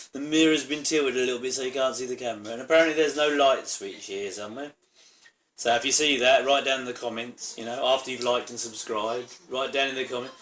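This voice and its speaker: A man's voice: medium pitch, fairly bright tone, echoey room. A man hosting his own channel, giving casual, rambling reaction commentary full of asides. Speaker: channel host reviewing a TV episode.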